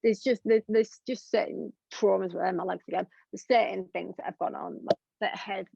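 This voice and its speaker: A woman's voice: medium pitch, fairly even intonation, normal speed, creaky, warm tone, breathy edge, no echo. A young woman, speaking candidly as an interview guest in an earnest, rambling way full of fillers. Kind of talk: candid conversation. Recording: dull lo-fi dry recording.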